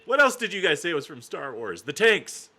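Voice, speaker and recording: A man co-hosting a movie watch-along, agreeable and chuckling in quick back-and-forth. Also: a little high, huge pitch swings, bright, forceful tone. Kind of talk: casual chat.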